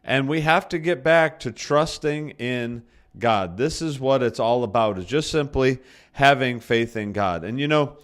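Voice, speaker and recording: A male pastor preaches in a mid-pitched, fairly bright voice at a measured pace. He addresses the congregation conversationally, circling back to restate key lines for emphasis and often stopping to correct himself and restart.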